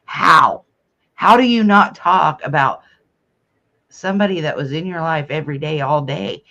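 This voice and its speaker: A man hosting a live stream with a fairly high voice that swings up and down a lot. He is emphatic and keeps pressing his guest and the chat for answers. The sound is dull and lo-fi. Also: expressive, unhurried, gravelly, sharp tone. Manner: emphatic, questioning, demands answers. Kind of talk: casual live-stream commentary.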